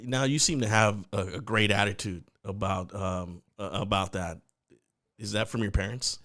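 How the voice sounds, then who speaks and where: A man interviewing a guest on a podcast, softly asking short questions. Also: on the low side, steady tone, normal speed. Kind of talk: casual interview chat.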